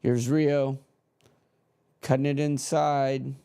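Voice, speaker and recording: A man calling a football match live as a fan. He shifts between flat calm and loud, swearing outbursts of frustration. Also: mid-range voice, slow, gravelly, smooth. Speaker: fan commentator on a match watch-along. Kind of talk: live play-by-play commentary.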